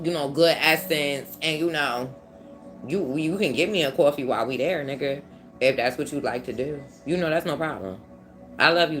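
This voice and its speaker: A woman tarot reader hosting a casual live stream, loud, profane and teasing, laughing as she talks to viewers. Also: low-pitched.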